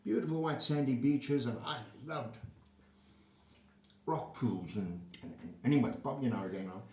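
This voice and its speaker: A man's voice: mid-range voice, moderate pace. An older man from South Africa telling a rambling, profane personal anecdote in a casual way. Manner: rambling, profane, animated storytelling. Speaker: storyteller. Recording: roomy echo, mic at a distance.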